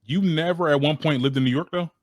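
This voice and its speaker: A man hosting a casual interview, chatty and relaxed, with many fillers. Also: on the high side, quick pace, no room sound, studio quality. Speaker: interview host.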